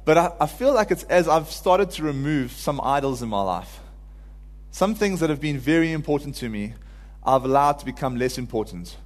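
Earnest male preacher, informal sermon, a bit high-pitched, echoing church hall. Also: animated, moderate pace. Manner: earnest, builds to pleading cries when quoting.

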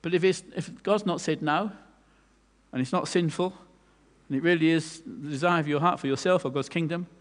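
A man's voice: on the high side, normal speed. A man preaching a sermon earnestly, often repeating words as he goes. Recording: long hall reverb.

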